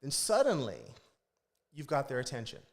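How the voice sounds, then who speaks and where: Using a podcast studio mic, this church kids ministry director spins stories in a relaxed chat, mimicking the voices of children. He speaks at a normal speed in a mid-range voice with big pitch swings.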